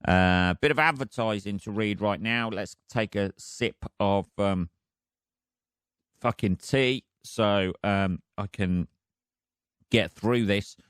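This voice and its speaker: A man's voice: fairly low pitch, slow pace, fairly bright tone, clear, resonant tone, dry recording, clean studio sound. A man hosting a solo podcast, rambling casually with heavy swearing and chuckles. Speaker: podcast host.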